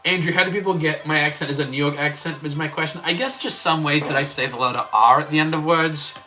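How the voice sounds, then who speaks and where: A man's voice: fairly high pitch, quick pace, bright, forceful tone, soft background music. A man with an Australian accent chatting casually on a live stream while building Lego and reading chat, rambling with many fillers.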